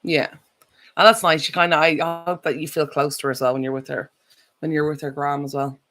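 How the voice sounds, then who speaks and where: A woman's voice: deep voice, fairly even intonation, brisk, a bit bright. A woman chatting casually on a live stream, rambling and correcting herself as she goes. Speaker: vlogger.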